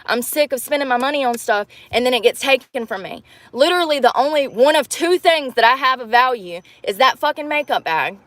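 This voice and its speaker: A woman's voice: high-pitched, lively intonation, brisk, few pauses, a bit bright. A young woman ranting in a casual livestream, frustrated and swearing as she rambles.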